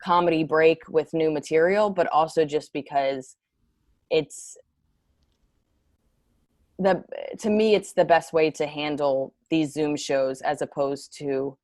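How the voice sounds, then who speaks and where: A woman comedian talking in a casual interview, rambling, correcting herself and telling animated stories over a video call. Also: sits low, slow, no echo. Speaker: stand-up comedian guest.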